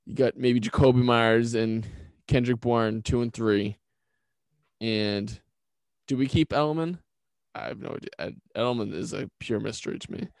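A man chats casually about his team, blunt and opinionated. His voice has a gravelly edge to it. The sound is dry and close, with no room echo. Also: mid-range voice, fairly even intonation, moderate pace, a little mellow. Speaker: podcast co-host. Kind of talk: casual sports chat.

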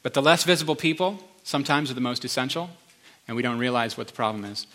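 A man's voice: medium pitch, fast, fairly bright tone. A man preaching a sermon to a congregation in an earnest, emotional, conversational way. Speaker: pastor.

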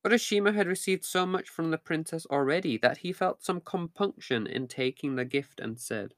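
A man's voice: on the high side, no room sound, clean studio sound. Man reading a fairy tale aloud. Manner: steady, measured reading. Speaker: narrator. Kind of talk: storybook reading.

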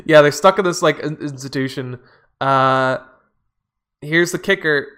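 A man's voice: fairly high pitch, measured pace, a bit bright, clean tone. A man in casual chat, recapping a movie with sarcastic, profane jokes and frequent laughs. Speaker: podcast co-host.

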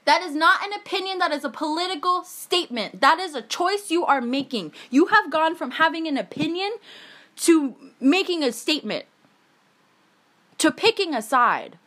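A woman's voice: sits high, lively intonation, normal speed, fairly bright tone. A young woman in a heated, emphatic monologue, swearing often as she rants. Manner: angry, swearing, emphatic ranting.

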